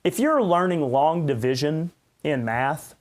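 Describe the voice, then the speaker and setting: A man's voice: fairly high pitch, animated, unhurried. A man, a pastor hosting a podcast, rambling and ranting in unscripted commentary with sarcastic asides.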